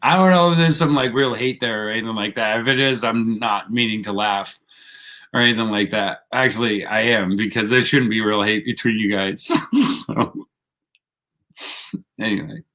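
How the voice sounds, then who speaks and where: A man's voice: lowish voice, moderate pace, sharp tone. A man hosting a casual live stream, laid-back and rambling, laughing often as he chats with viewers. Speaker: livestream host.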